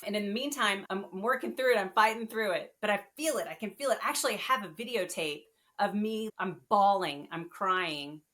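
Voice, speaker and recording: A woman guest on a podcast, telling her story in a casual, animated and earnest way. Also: mid-range voice, moderate pace, hardly any pauses.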